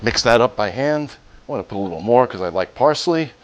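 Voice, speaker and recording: A man hosting a home cooking demonstration, talking through each step in a relaxed, jokey way with the odd pun. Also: medium pitch, fairly quick. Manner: relaxed, jokey, cracks puns. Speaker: cooking show host.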